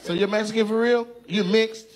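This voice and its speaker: A man's voice: steady tone, a little fast. Teasing male comedian working a laughing crowd. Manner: loud, teasing, swings into shouting and high-pitched outbursts. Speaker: stand-up comedian doing crowd work. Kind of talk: stand-up crowd work. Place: comedy club stage. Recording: live club recording with crowd laughter. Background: audience laughing.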